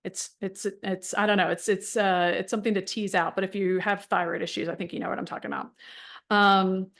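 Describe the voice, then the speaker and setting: A woman's voice: mid-range voice, little pitch movement, brisk, vocal fry, fairly bright tone. Chatty, frank middle-aged woman. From United States. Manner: chatty, frank, many fillers and restarts. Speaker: wellness group leader. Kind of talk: casual talk to a support group.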